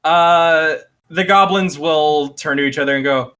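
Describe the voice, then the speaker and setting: A man's voice: on the high side, a little slow, bright, forceful tone, clear, resonant tone. A man running a tabletop game as game master, narrating with chuckles and fillers.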